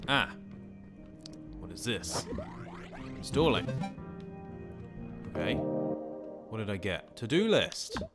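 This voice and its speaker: Man, middle-aged, low voice, very lively pitch, casual gameplay commentary, swears and jokes, music behind. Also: drawn-out words, long pauses. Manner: sweary, jokey, talks to himself. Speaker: let's play host. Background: background game music.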